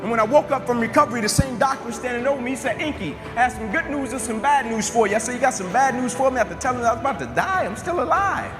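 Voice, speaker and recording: A man's voice: very high voice, animated, very fast, few pauses, in a large hall. A man giving a motivational speech, telling his own story in an emphatic, repetitive way and acting out the dialogue. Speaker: motivational speaker. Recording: music bed under the voice.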